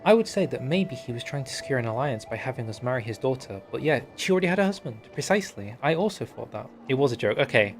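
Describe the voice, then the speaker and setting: A man's voice: medium pitch, lively intonation, quick pace, few pauses, soft background music. A man streaming a strategy game, chatting casually and joking while reading the event text aloud. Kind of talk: casual gameplay commentary.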